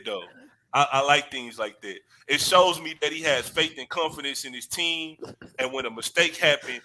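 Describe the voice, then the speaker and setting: A man co-hosts a casual sports talk show. His voice is very bright and sits a little high. He tells animated stories and laughs often. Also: low-quality recording. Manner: animated storyteller, acts out quotes, laughs often. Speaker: podcast co-host.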